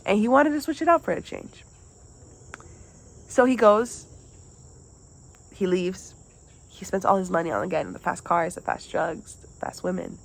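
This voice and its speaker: Young woman talking low and kinda gravelly, earnest, restarts a lot. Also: rough recording. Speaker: student presenter. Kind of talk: retelling a parable, then reflecting.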